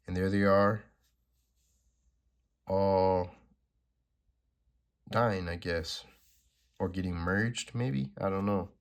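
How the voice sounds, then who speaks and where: A man's voice: deep voice, very slow, pauses often. A man hosting a comic-reading channel, commenting casually with unsure, laid-back asides. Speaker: comic book reader, channel host.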